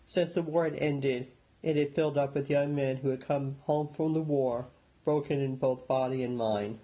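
A man narrating an audiobook in a steady, measured storytelling manner. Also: mid-range voice, poor audio.

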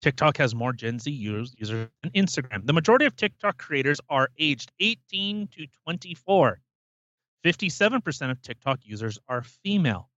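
A man's voice: fairly high pitch, very animated, normal speed, fairly bright tone, dry recording, dull audio. A man co-hosting a podcast, ranting emphatically and swearing freely in casual chat. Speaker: podcast co-host.

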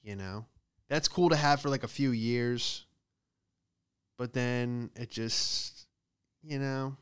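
A young man riffing through a comic monologue, swearing freely and jumping between stories. His voice is smooth and resonant at a middle pitch. He talks casually, with bursts of animated storytelling. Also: takes it slowly. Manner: profane, animated storytelling with loud acted outbursts. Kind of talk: rambling comedic monologue.

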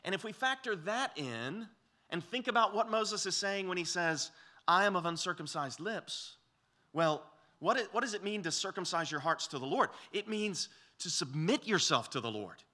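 A man preaching an expository sermon through a Bible passage, animated and acting out quoted speech. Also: sits high, normal speed. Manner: animated, voices quoted speech with rising intensity. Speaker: pastor.

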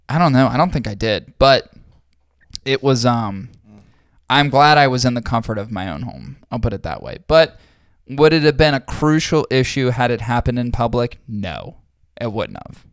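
A man's voice: medium pitch, lively intonation, normal speed, no room sound, clean studio sound. A man co-hosting a casual podcast, telling a story in a rambling, hesitant way with fillers and restarts. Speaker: podcast co-host. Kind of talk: casual chat.

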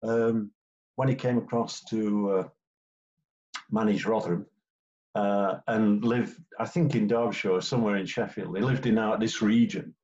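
On a dull lo-fi recording, the older English ex-referee tells anecdotes in an interview, voicing the players he quotes. His voice sits on the low side, steady in tone and slightly mellow, at a normal speed.

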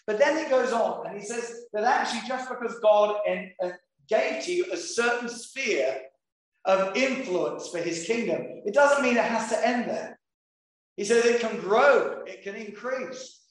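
A man preaching a sermon, reading scripture slowly and deliberately between conversational asides. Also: sits high, expressive. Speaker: pastor. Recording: very echoey room.

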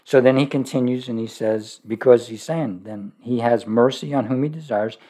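A man preaching a sermon, emphatic, asking rhetorical questions and slowing down to read scripture aloud. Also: medium pitch, mellow.

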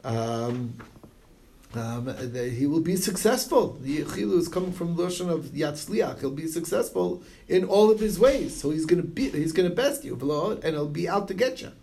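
Animated man teaching a text. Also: a little high, moderate pace, creaky. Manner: reads Hebrew and Aramaic text aloud then explains it in English, animated. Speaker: Talmud study teacher. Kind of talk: Talmud study class, reading and translating.

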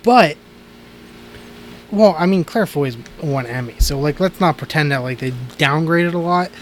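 A man's voice: fairly high pitch, expressive, unhurried, slight background noise. A man co-hosting a casual movie podcast, rambling and restarting his sentences and laughing often. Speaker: podcast co-host. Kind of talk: casual movie review chat.

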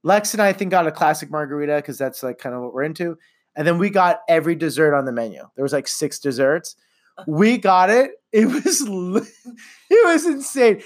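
A middle-aged man chatting casually on a podcast, animated and quick to laugh, with some swearing. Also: high-pitched. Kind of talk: casual chat.

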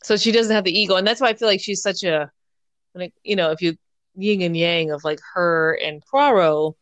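Animated woman in dry casual chat. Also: on the low side, no room sound. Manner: animated, quick to act out characters' lines. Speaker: book discussion co-host.

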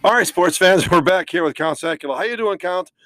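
Casting: upbeat male host, slightly high voice, playful sports-announcer delivery, dry close mic. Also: a little fast, bright, forceful tone, dry recording. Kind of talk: comedic sports betting show.

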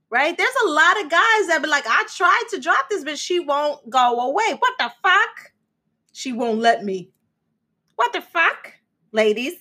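Woman, podcast host, high bright voice, brash and profane. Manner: profane, brash and animated, sings parts of her intro. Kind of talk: casual solo podcast monologue.

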